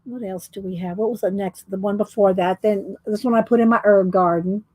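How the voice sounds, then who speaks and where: A woman's voice: mid-range voice, steady tone, brisk, a little mellow, dry recording. A woman hosting a casual livestream, chatting in a rambling way and thinking aloud as she shows her work. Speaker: livestream host showing her art.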